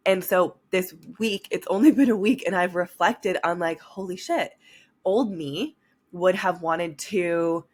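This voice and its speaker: Her voice sits fairly low and sounds a little mellow, and she takes her time. This young solo podcaster is candid and lively, dropping casual swears as she addresses her audience directly.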